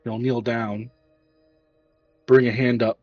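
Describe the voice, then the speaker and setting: A man narrating a tabletop game as game master, in a casual, halting way with restarts. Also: medium pitch, flat delivery, no echo, muffled recording, soft background music.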